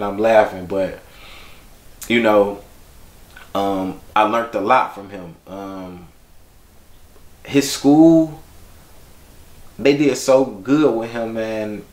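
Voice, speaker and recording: A man with a fairly low voice talks through memories in a relaxed, slangy, heartfelt way. His words carry a noticeable roomy echo, like a documentary interview recorded in an open space. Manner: casual, reflective, heartfelt, slangy. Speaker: bereaved father recalling his son. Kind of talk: documentary interview, personal storytelling.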